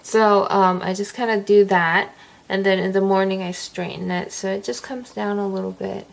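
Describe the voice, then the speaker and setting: Young woman vlogging, rambles with lots of "like", kinda creaky voice. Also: medium pitch, steady tone, moderate pace. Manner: rambling, heavy use of "like". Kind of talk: casual vlog storytelling.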